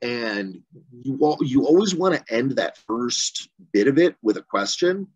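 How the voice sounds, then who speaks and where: A man's voice: mid-range voice, expressive, measured pace, a little mellow, husky, no room sound, dull audio. A man coaching volunteers on phone banking in a casual virtual training, talking conversationally with lots of fillers and "right?" checks. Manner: conversational, rambling, many fillers and "right?" asides. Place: home room, virtual session. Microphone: video call mic.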